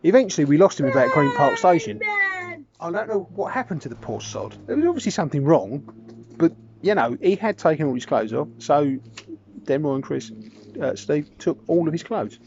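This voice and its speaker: A man's voice: a little high, very animated, a little fast, darkish tone. A man casually telling a funny anecdote, chatty and wandering. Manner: chatty, wandering, self-correcting. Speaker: storyteller. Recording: dull lo-fi recording with background noise.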